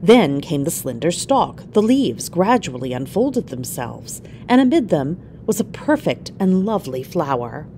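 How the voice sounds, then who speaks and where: A woman narrating a classic story aloud in an expressive, measured reading. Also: fairly low pitch, a little hiss or hum. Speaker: reader.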